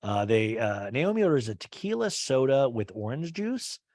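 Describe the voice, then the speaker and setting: A man's voice: medium pitch, big pitch swings, moderate pace, darkish tone, no echo, clean studio sound. A man hosting a podcast, recapping a reality show in a chatty, rambling way full of asides. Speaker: podcast host. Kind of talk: casual TV recap.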